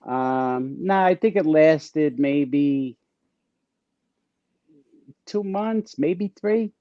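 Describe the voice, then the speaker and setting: A man's voice: on the high side, drawn-out words, dark tone, no echo. A man as an interview guest, telling stories in a casual, streetwise way with slang and stammering restarts. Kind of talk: casual storytelling. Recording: dull lo-fi dry sound.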